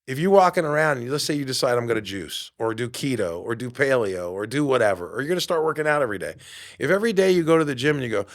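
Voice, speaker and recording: A man in his late fifties hosts his podcast from a studio, talking like a motivational coach. His voice sits at an ordinary middle pitch. He pushes hard on key words and then drops to a hushed, earnest tone. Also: fast. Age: 50s. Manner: energetic, emphatic, swings from loud to quiet. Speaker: podcast host and fitness coach. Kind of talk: motivational talk.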